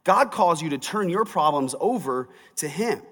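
A man delivers a sermon with a slightly high voice that carries a long reverb tail, as if heard in a large hall. He reads scripture, then talks it over with the listeners in a plain conversational way, pressing firmly when he makes his points. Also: lively intonation, normal speed, a bit bright. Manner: conversational preaching, rising to emphatic. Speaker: pastor.

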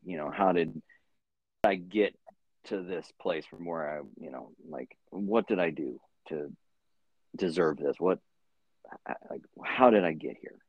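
A man's voice: sits low, dry recording. A man telling a long story in casual podcast chat, rambling and profane with many fillers. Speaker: podcast host. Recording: dull lo-fi sound.

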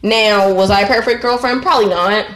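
A woman spins a story in a casual chat, blunt and full of profanity. She keeps her voice at an ordinary middle pitch. The sound is roomy and echoey. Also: brisk, fairly bright tone. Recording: roomy echo.

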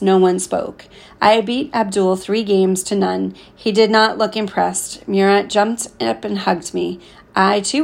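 Woman, audiobook narration, gravelly tone, mid-pitched, steady reading. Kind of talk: scripted narration.

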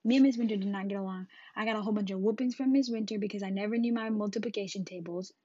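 A woman hosts a podcast and tells a personal story in an animated, casual way, acting out the scenes as she goes. Her voice sits in a middle pitch. The recording is dull and dry. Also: rapid-fire, slightly rough, no room sound. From Jamaica. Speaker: podcast host.

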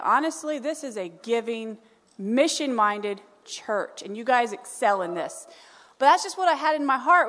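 A woman preaching a sermon in a church, animated and rising to emphatic peaks. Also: fairly high pitch. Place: church sanctuary. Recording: long reverb of a large hall.

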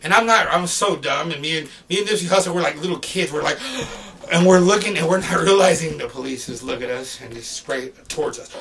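A middle-aged man with a gravelly, slightly higher voice tells a rowdy story, his delivery animated and full of swearing. He bursts into loud quoted lines, and he sounds set back from the mic, with crowd noise clearly behind him. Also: quick pace, hardly any pauses, far from the mic. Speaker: podcast guest. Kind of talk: casual storytelling.

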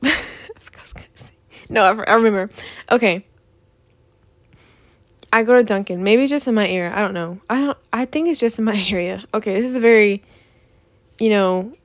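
A woman's voice: mid-range voice, a little fast, long pauses, no echo. A young woman, hosting a podcast in a profane, exasperated rant. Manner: profane, animated, exasperated ranting. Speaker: podcast host. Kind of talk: ranting casual monologue.

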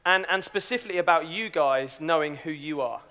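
A man's voice: a little high, a little fast, pushed and bright. A young man giving a chatty, self-deprecating youth talk with a story. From Britain. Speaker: youth speaker.

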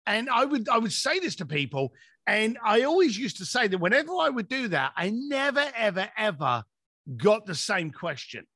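A man's voice: sits high, big pitch swings, normal speed, sharp tone. A man, a business coach telling stories in a podcast conversation and acting out his clients' lines.

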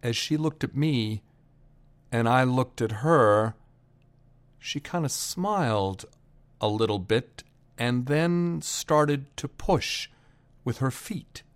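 Slow, deliberate male storyteller. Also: medium pitch, lively intonation. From Boston area. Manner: unhurried, pausing for effect, shouting quoted lines. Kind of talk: personal storytelling performance.

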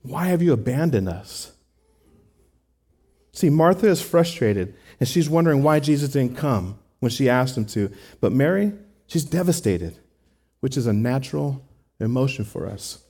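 A man's voice: medium pitch, animated, normal speed, dark tone. A man preaching a sermon in an earnest, conversational way, talking to the congregation with rhetorical asides. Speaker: pastor.

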